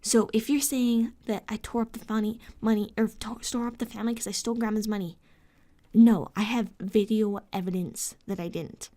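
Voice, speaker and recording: A woman's voice: medium pitch, fairly even intonation, normal speed, warm tone. A sleepless woman venting in a vlog, ranting with frustration and sarcasm, swearing often and sometimes dropping into a whisper. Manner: drops into whispers at times. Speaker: vlogger. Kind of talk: late-night venting vlog.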